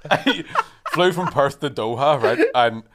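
A man's voice: medium pitch, a little slow. A young man telling a rambling travel story on a podcast, swearing and laughing often. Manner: swearing, laughing, animated anecdotes. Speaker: podcast host. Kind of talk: casual chat, storytelling.

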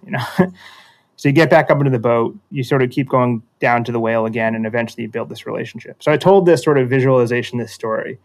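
A man's voice: medium pitch, fast talker. A man telling a metaphorical story in a casual conversation, reflective and self-deprecating, often restarting sentences.

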